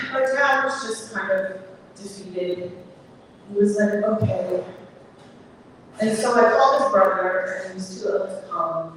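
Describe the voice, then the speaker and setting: A woman's voice: a little high, a bit bright, slight background noise. A woman telling a personal story at a live coffee-shop event, wry and conversational. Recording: echoey, distant live recording.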